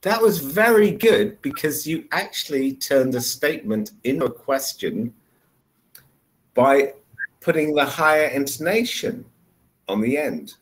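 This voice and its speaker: Male English tutor on a video call, patient and unhurried, with a very animated pitch. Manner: patient, explains step by step. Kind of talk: one-on-one online lesson.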